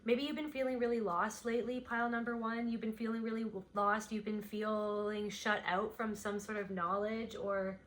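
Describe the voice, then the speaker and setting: A woman's voice: medium pitch, flat delivery, moderate pace, few pauses, a bit bright. A woman giving an unscripted pick-a-card reading, speaking in a meandering, intuitive way and voicing her impressions as they come. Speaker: tarot card reader.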